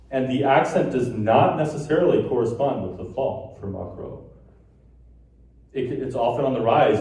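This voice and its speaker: Man, lecturer, mellow dark voice, distant mic, very echoey hall. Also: medium pitch. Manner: explains while tapping out rhythms in sung syllables. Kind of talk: conference lecture.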